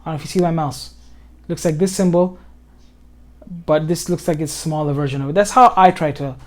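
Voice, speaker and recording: A man talking a student through Quran recitation on a call, in an easy, patient way. He restarts often, fills pauses with "um," and slows right down whenever he recites a phrase. Plain computer mic sound. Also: fairly high pitch, steady tone. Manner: patient, repeats words, many fillers and restarts, slows to recite. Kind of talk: informal one-on-one lesson over screen share.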